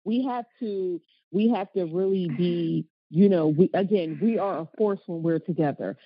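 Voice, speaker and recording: A woman's voice: on the low side, moderate pace, muffled recording. A woman co-hosting a casual podcast chat, speaking emphatically and often affirming her partner. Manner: emphatic, preachy, frequent affirmations. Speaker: podcast co-host.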